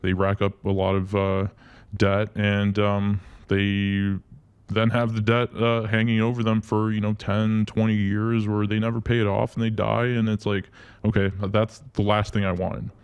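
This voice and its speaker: Smooth low-voiced hesitant podcast host. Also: male voice, little pitch movement, normal speed. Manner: hesitant, many fillers. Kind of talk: casual chat.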